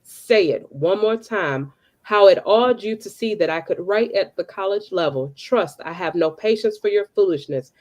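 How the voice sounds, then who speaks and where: A woman's voice: medium pitch, moderate pace. A woman from Chicago performing spoken word poetry with a rhythmic, emphatic delivery, then chatting casually. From Southside of Chicago. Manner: relaxed, casual talk with fillers when chatting. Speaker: poet.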